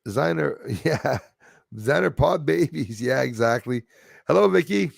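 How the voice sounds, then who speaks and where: A man's voice: mid-range voice, lively intonation, moderate pace, gravelly, dry recording, studio quality. A man hosting a casual live stream chat, rambling and hesitant with many fillers and restarts.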